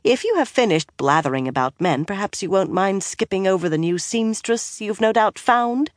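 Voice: medium pitch, expressive, moderate pace, no room sound, studio quality, pitched above the performer's own voice, natural voice. An audiobook narrator voicing a bossy young woman who snaps out orders. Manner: snappish and commanding. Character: sharp-tongued bossy young woman leader.

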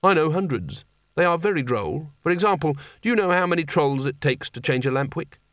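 A man reading aloud plays a weary, cowardly wizard, dry and long-suffering in his wry remarks. The voice swings up and down with plenty of lively movement. The storybook recording is dry and close. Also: a little high, fairly quick, no echo. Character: weary, cowardly male wizard who loves boredom.

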